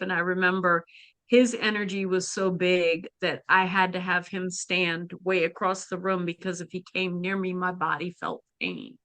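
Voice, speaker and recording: Woman on a podcast telling her story slow and earnest, kinda halting, bright tone. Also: fairly low pitch, no room sound. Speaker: guest, spiritual practitioner. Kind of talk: personal storytelling in a podcast interview.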